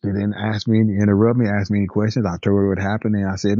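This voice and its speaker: A man's voice: fairly low pitch, level tone, fast, warm tone, no room sound, muffled recording. A man telling a story from his past with emphatic delivery, acting out the dialogue. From Southern US. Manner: emphatic, acts out dialogue with rising indignation. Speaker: storyteller guest. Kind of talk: casual spoken storytelling.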